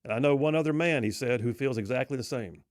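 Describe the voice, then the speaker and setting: A proud Texan race car builder, as a radio host puts him on talks in a folksy, plainspoken way, sitting a little higher than the host's usual voice. The sound is dry and close, with no room echo. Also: male voice, fast talker, close to an everyday voice. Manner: folksy, plainspoken speech-giving.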